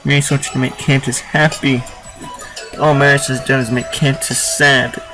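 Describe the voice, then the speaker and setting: A man's voice: mid-range voice, little pitch movement, normal speed, pitched above the performer's own voice, natural voice, rough recording. A man voicing a sweet, mysterious young girl who talks about herself in the third person. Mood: sad. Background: game music.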